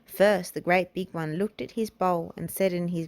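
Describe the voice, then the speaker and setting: A woman reading a children's storybook and nursery rhymes aloud, in a gentle, unhurried way. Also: fairly low pitch, steady tone, no room sound. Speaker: children's book reader.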